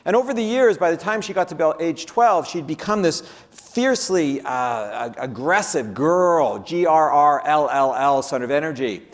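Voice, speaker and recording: Male keynote speaker, fairly high voice, lively storyteller, long hall reverb. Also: normal speed, few pauses. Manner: animated, acts out the people in his stories. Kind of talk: lecture with storytelling. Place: conference hall.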